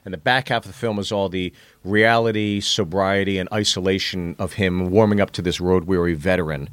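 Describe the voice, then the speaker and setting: A man talking as a guest comedian in a casual chat, telling his story with thoughtful pauses. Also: low voice, steady tone, fairly bright tone, clear, resonant tone, dry recording.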